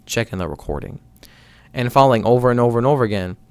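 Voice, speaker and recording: A man's voice: mid-range voice, expressive, fast, clean tone, no echo. A young man hosting his own show, telling a personal story in a rambling, casual way, with restarts and some swearing. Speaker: podcast host.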